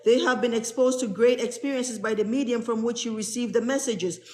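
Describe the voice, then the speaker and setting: A woman's voice: on the high side, brisk, warm tone. A woman who is a spiritual teacher, reading aloud from a spiritual text to an online group and explaining each passage in plain, earnest words. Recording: roomy echo.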